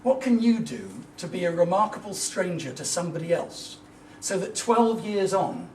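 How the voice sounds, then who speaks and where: A middle-aged man delivers a motivational business talk with a fairly high voice, full of earnest, emphatic storytelling. He is heard from a little way off in an echoey hall, with faint room ambience behind him. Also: animated, normal speed, darkish tone, distant mic, slight background noise. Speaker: business speaker.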